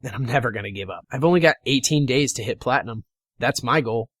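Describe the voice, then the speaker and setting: A man's voice: mid-range voice, fast, a bit bright, dry recording, studio quality. A young man giving a casual motivational talk to gamers, blunt and fired-up, swearing freely. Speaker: gaming motivation vlogger.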